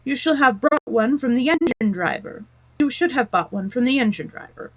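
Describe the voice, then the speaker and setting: A woman's voice: sits high, lively intonation, normal speed, pitched above the performer's own voice. A woman voicing a stern male train guard who gives impatient orders.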